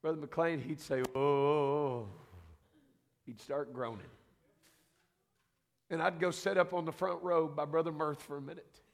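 A man with a high, gravelly voice delivers a fervent sermon as a senior pastor. He rises from reflective storytelling to shouted exclamations. His voice rings through a church sanctuary with long reverb. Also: normal speed, long pauses. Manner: fervent preaching, building to shouts.

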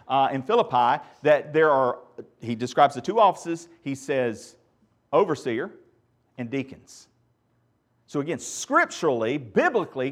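A middle-aged man, preaching a sermon as pastor and joking with the congregation in call and response. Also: on the high side. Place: church sanctuary.

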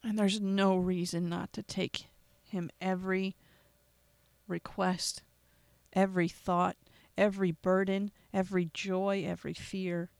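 A podcast host turns preacher, making an emotional gospel appeal in an earnest, deliberate voice. The tone is gravelly, with repeated phrases and pauses. The recording is dry and close. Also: mid-range voice, little pitch movement, no room sound.

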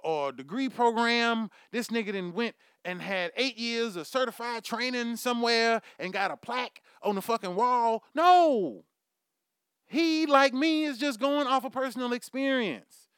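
A man with a high, smooth and resonant voice runs a loose, foul-mouthed comic monologue, chuckling at his own lines. He is recorded close and dry, with no room sound around him. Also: moderate pace, no room sound. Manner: animated, swearing freely, laughing at his own jokes. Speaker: podcast host. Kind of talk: profane comedic monologue.

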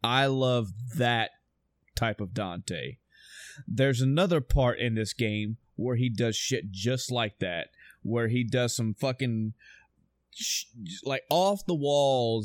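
A podcast host reviews a video game in casual chat, his medium-pitched voice recorded clean in a studio with no room sound. He swears a lot and rambles enthusiastically.

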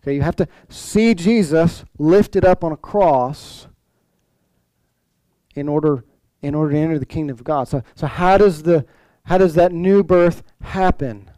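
Man, pastor, conversational sermon, rhetorical questions, higher voice, dry close sound. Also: measured pace, mellow, no echo, rough recording. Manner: conversational preaching with many restarts and rhetorical questions.

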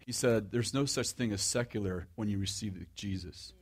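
A man's voice: fairly low pitch, moderate pace, slightly rough. Middle-aged man preaching conversationally. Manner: self-deprecating humor, frequent restarts, asks the audience questions. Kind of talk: conversational sermon.

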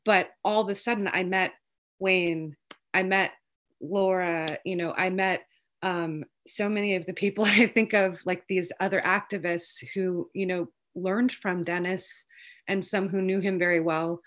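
A woman, a lawyer and advocate, talking quickly in a casual interview, rambling with many ums and you-knows. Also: on the low side, steady tone, a bit bright. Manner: fast, rambling, many fillers.

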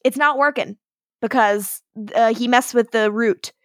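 A woman's voice: a little high, unhurried, a bit bright, no echo, studio quality. A woman co-hosting a podcast, recapping a TV episode in casual chat, giggling often and swearing freely. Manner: giggly, swears freely, acts out character lines. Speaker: podcast co-host.

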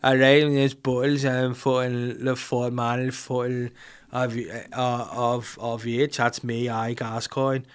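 A man's voice: medium pitch, little pitch movement, takes it slowly, clear, resonant tone, natural voice. A man doing a muddled, rambling footballer impression.

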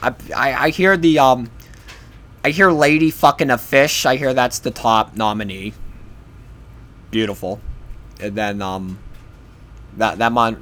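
A young man with a mid-range, slightly bright voice and slight background noise. Talking alone on his podcast, he's loose and offhand, drifting between thoughts, swearing freely, and trailing off mid-sentence.

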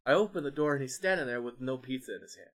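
A man's voice: medium pitch, quick pace. A young man co-hosting a podcast, chatting casually and acting out the people in his stories. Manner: animated storyteller, acts out voices in anecdotes. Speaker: podcast co-host. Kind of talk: casual chat.

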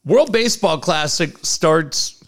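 A sports host with a slightly high voice, talking casually. He is eager and rambling, and keeps saying "man.". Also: animated, takes it slowly.

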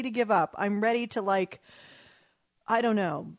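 A woman's voice: on the high side, lively intonation, normal speed, pauses often, dry recording. Woman radio host, casual monologue, exasperated and rambling, dry close studio sound. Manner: exasperated, rambling, swears freely. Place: studio in Los Angeles.

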